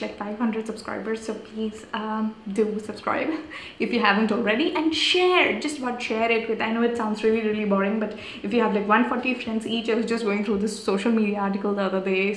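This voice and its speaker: A woman hosting a casual live stream, whispering and gushing with little giggles from a tiny room. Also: medium pitch. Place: small tiny room indoors. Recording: echoey small room, faint background noise.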